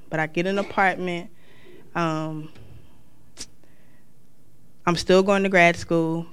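Smooth-voiced woman telling her story. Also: on the low side. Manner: lively storyteller who acts out the lines of the people in her story. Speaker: speaker sharing a personal testimony. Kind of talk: personal storytelling.

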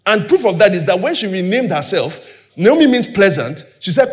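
A young Nigerian pastor preaches a sermon in a fairly high male voice at a normal speed. He's animated, acting out quoted dialogue and dropping to near whispers for emphasis.

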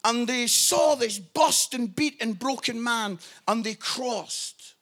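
A man preaching a passionate sermon as pastor, building to shouted appeals. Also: extremely high pitch, slow.

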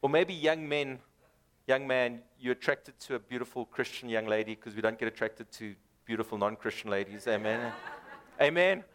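A man's voice: medium pitch, flat delivery, fairly quick, fairly bright tone. Male preacher, sermon delivery, emphatic with dramatic rises and drops, mid-range voice. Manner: repeats words for emphasis.

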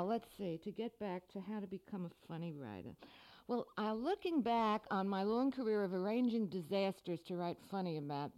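A woman's voice: fairly low pitch, a little mellow. Wry, dry-humored woman author. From United States. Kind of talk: scripted radio talk.

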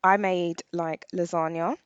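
A woman's voice: lowish voice, steady tone, a little slow, muffled recording. Blunt, playfully defensive woman. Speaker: podcast co-host. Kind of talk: casual chat.

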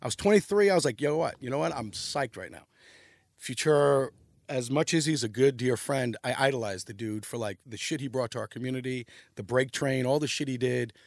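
A man's voice: mid-range voice, a little fast, no echo, clean studio sound. A middle-aged man, telling rambling, profane stories as a podcast guest. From New York. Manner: animated, profane, rambling storytelling. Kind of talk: casual storytelling chat.

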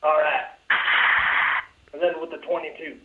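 A man's voice: a little high, flat delivery, normal speed, phone-quality sound, slight background noise. A man on a call-in show giving short, matter-of-fact replies to the host. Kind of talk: casual call-in chat.

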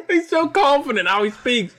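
A man's voice: very high-pitched, very animated, unhurried, bright, forceful tone. A man co-hosting a podcast, chatting casually and reacting with laughs and disbelief to posts online. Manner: laughing, incredulous, swears freely. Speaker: podcast co-host.

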